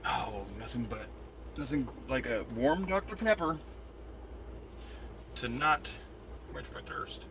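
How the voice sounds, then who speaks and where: A young man chats slowly and aimlessly into his phone, peppering everything with swearing and leaving sentences unfinished. His pitch sits in an ordinary middle register. Steady engine and road noise from the vehicle rumble beneath him. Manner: rambling, profane, trailing off mid-sentence. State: out of breath. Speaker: live streamer. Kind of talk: casual live-stream chat while driving.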